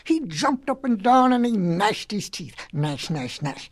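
A woman narrating a storybook in a folksy, lively storytelling manner. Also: medium pitch, a little slow. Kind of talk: storybook reading.

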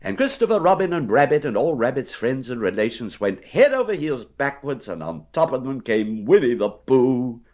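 A man reads a children's storybook aloud in a voice of middling pitch. His delivery is expressive and animated, with lively rises and falls, and he often slows down to stretch out a phrase. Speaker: narrator. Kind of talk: storybook reading.

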